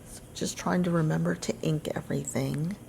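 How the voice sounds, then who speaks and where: Her low, creaky voice moving at a moderate pace, a woman narrates her scrapbooking in a loose, relaxed voice-over. She rambles and keeps correcting herself, and a little hiss or hum sits under the audio.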